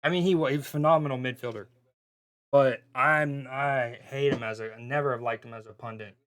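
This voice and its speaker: A man's voice: mid-range voice, fairly even intonation, brisk, fairly bright tone. Rambling male streamer, casual chat. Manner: rambling, self-interrupting, bemused. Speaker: streamer hosting a football watchalong.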